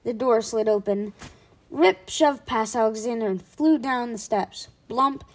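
Woman narrator, kids' book read-aloud podcast; high voice, lively, chatty asides. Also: measured pace. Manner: lively, with casual asides to listeners. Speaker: podcast storyteller. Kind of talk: reading a children's book aloud.

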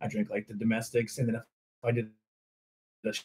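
A man's voice: fairly low pitch, monotone, brisk, darkish tone. A young man from eastern Pennsylvania hosting a beer podcast, telling stories casually, swearing and laughing as he goes. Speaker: podcast host. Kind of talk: casual storytelling over beers.

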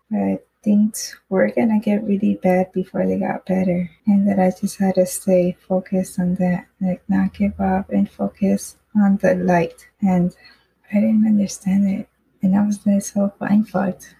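A woman's voice: medium pitch, gravelly, mellow, breathy edge, poor audio. A young woman rambling candidly through a personal story on a podcast, with lots of fillers and swearing. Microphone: phone mic.

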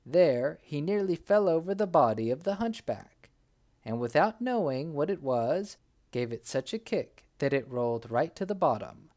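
A man's voice: a little high, moderate pace. A man reading a folk tale aloud as narrator, bringing the characters' cries to life. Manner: lively, acts out the characters' cries. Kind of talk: storybook reading.

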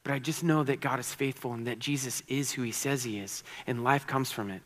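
A man's voice: mid-range voice, brisk, fairly bright tone, big-room sound. A man preaching a sermon in a conversational, earnest way, often repeating words and restarting sentences. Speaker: pastor.

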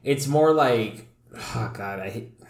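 A man's voice: medium pitch, takes it slowly, reverberant. A man with a South Texas accent hosting a casual podcast, talking bluntly and swearing freely while poking fun at himself. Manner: profane, blunt and self-mocking. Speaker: podcast host.

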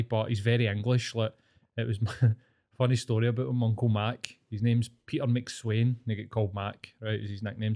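A man's voice: mid-range voice, a little mellow. A man in his forties with a Glaswegian Scottish accent, telling rambling stories in casual chat and swearing freely. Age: 40s.

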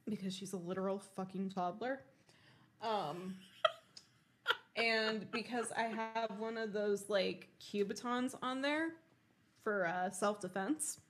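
A young woman co-hosting a podcast, telling animated, swear-filled stories and laughing often. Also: medium pitch, slow, slight background noise. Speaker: podcast co-host. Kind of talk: casual chat.

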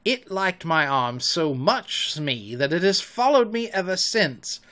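A vengeful pirate captain growls through his lines, as a man reading the story puts him on. The words come slow and heavy, pushed out with force, and the pitch swings widely. It is a theatrical storybook villain with a brooding temper. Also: very animated, pushed and bright, full character voice. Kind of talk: audiobook character voice.

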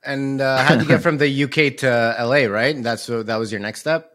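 A man's voice: medium pitch, fairly even intonation, normal speed, fairly bright tone. A man co-hosting a podcast, reacting and asking questions easily in casual chat. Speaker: podcast co-host.

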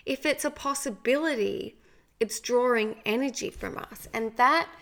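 A woman's voice: a little high, moderate pace, vocal fry, a bit bright. A woman, hosting a casual motivational podcast and talking in a chatty way, often adding "like" and "right?". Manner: chatty, frequent "like" and "right?" asides. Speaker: podcast host.

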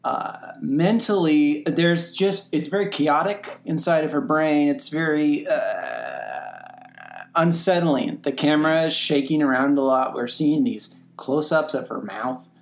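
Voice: medium pitch, big pitch swings, slow pace, vocal fry. A podcast co-host recapping scenes in casual chat, animatedly acting out the characters' lines. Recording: echoey room.

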